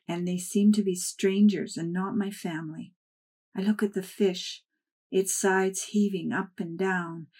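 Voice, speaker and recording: Woman narrator, lowish voice, soft and measured memoir reading. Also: breathy edge. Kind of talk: first-person memoir read aloud.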